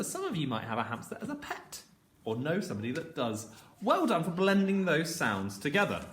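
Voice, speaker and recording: A man teaching a phonics lesson to young children, slowly sounding out words and encouraging them. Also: fairly high pitch, very animated, a bit bright, roomy sound, slight background noise. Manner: slow, sounding out words letter by letter. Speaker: primary school teacher.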